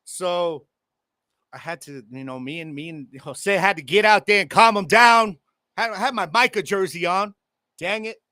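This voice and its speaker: A man in his forties hosting a sports podcast from home, talking loosely and excitedly to his listeners with plenty of slang. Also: a little high, clear, resonant tone, no echo, studio quality. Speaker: podcast host. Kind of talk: casual sports podcast monologue. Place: home room with air conditioning.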